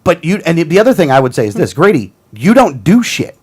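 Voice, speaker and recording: A man's voice: a little high, sing-song, fairly quick, darkish tone, slightly rough. A man hosting a casual political talk show, ranting in a heated, combative way and often repeating himself.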